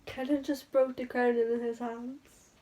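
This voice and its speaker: A young woman chatting excitedly in a reading vlog, reacting to her book and reading passages aloud, her talk full of "like" fillers. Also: fairly high pitch, a little slow, rough recording. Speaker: book vlogger.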